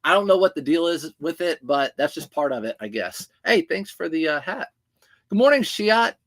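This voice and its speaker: A man's voice: a little high, sing-song, normal speed. A man who resells clothing, hosting a casual livestream and chatting as he answers viewer comments.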